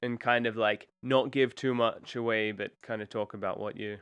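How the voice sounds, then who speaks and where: A man co-hosting a podcast chats in a relaxed manner and prompts the host with questions. His voice is very smooth and clear. It sounds close and dry, with no room around it. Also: on the low side, normal speed, no echo. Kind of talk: casual podcast chat.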